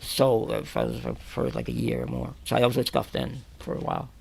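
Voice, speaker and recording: The speaker is a man from New York appearing as an interview guest in a radio or podcast studio, with a mid-range voice that runs a little fast and carries vocal fry and a breathy edge. He recounts prison stories in a relaxed way, swearing often and animatedly acting out quotes with loud exclamations.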